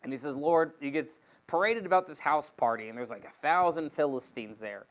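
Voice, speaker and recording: A man teaching a casual Bible study, retelling the story in an animated, slangy, joking way. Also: fairly high pitch, brisk, low-quality recording.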